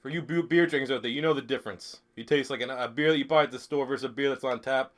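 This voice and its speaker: A sick young Canadian man with a medium-pitched voice talks fast while live-streaming a football video game. He clears his throat, swears, and rambles through questions from chat.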